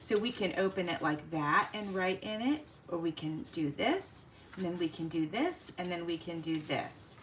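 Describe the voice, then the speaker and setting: A woman hosting a casual craft livestream, chatting warmly with viewers by name and laughing often as she works. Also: on the low side, animated, normal speed, slight background noise.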